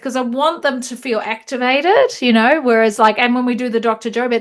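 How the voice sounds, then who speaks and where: A woman teaching meditation trainees over a video call, demonstrating guiding cues in a slow, calm voice. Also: fairly high pitch.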